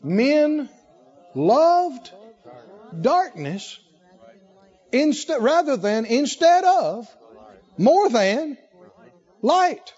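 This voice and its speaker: A man preaching a sermon with animated, rhythmic repetition and emphatic phrasing. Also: very high-pitched, extremely slow, long pauses, highs cut off.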